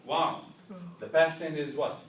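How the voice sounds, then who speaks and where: A man teaches a language class, drilling students to repeat after him and checking with "right?" and "understood?". His voice is fairly high, a little slow and a bit bright. A far camera captures the roomy, distant classroom sound with slight background noise.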